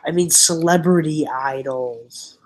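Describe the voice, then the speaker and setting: A man's voice: on the high side, slow, rough recording. A young man hosting a casual livestream chat, rambling and giggly, often restarting his sentences. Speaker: livestream host.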